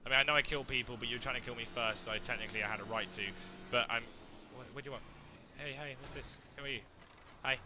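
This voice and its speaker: A young man chatting through a video game playthrough in a jokey, excitable way. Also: medium pitch, very fast, background noise. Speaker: let's play gamer. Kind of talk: casual game commentary.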